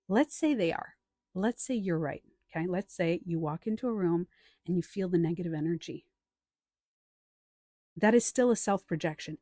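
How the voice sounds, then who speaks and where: A life coach and author hosts a live stream, replying to the chat and telling chatty, animated stories with acted-out quotes. Her voice is on the low side, and the sound is clean studio audio with no echo.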